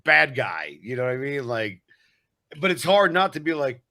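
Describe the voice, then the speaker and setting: A man's voice: medium pitch, moderate pace. A man with an East Coast American accent, hosting a casual chat and acting out voices as he tells stories. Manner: animated storyteller who acts out voices. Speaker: podcast host.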